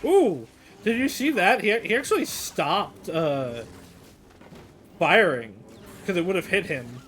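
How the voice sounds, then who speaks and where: A man's voice: high-pitched, very animated, slow, fairly bright tone, a little hiss or hum. A man casually commenting on a game as he plays it on a live stream, joking and laughing at his own play.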